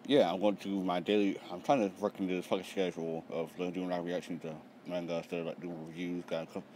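Deep-voiced young man, profane and excitable. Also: quick pace, slight background noise. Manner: profane, excitable, reads panels aloud. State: tired. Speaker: manga reaction channel host. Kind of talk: casual live reaction read-aloud.

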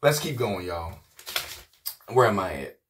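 A man's voice: on the low side, very animated, unhurried, a bit bright, a little hiss or hum. A man preaching an informal video sermon. He talks in a rowdy, emphatic way, often repeating "man" and "I promise you".

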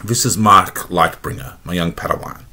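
A man's voice: low voice, normal speed, sharp tone, heavily acted. A man with an Australian accent reading the lines of a cool, confident female Jedi master in a storybook reading, in a dry, matter-of-fact way.

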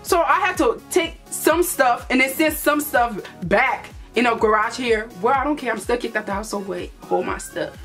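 High-voiced young woman telling a storytime. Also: moderate pace, few pauses, faint music behind. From Liberia. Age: young adult. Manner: animated, playful storytelling with put-on voices for relatives. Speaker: vlogger. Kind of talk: storytime vlog.

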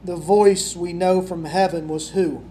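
Man, pastor, sermon, folksy, rhetorical questions, loud to hushed. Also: high-pitched, fairly even intonation, a little slow, a little hiss or hum. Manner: swings from loud emphasis to near-whispers. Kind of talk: sermon with scripture reading.

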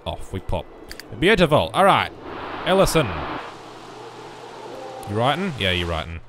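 A young man giving casual let's play commentary, muttering through menu choices with sudden loud bursts of excitement. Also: mid-range voice, a little slow. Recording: noisy background with game rain.

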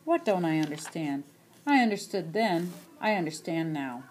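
A wounded grown son, as a woman reads him, speaks in measured, formal sentences full of old grievance. The tone stays low. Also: sing-song, a little mellow, a little hiss or hum. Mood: bitter. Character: grown son, bitter and hurt.

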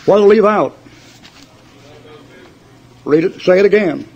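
An older man preaches to his congregation in a high, husky voice, combative and folksy, cracking mocking jokes. The recording is a dull, lo-fi church tape. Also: slow, a little mellow. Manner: folksy, combative, mocking, tells joke stories and laughs at them. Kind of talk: fiery sermon with jokes.

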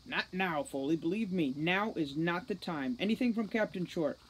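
A woman's voice: on the low side, lively intonation, moderate pace, slight background noise, close to an everyday voice, poor audio. Woman doing a barking, stern elf commander. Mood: tense. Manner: barking orders, forceful. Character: stern, gruff male elf police commander.

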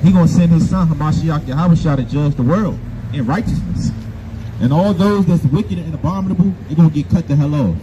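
Man street preaching, scolding, somewhat high voice, noisy outdoor recording. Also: brisk, highs cut off. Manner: confrontational, scolding, repetitive call-and-response. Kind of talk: street preaching with scripture reading. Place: outdoors at a gas station.

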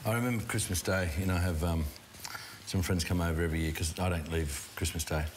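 A low-voiced Australian man chats while he cooks, rambling through stories and laughing often. Background noise runs clearly under this live home-kitchen stream. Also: steady tone, fast. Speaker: chef and host. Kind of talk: casual chat while cooking.

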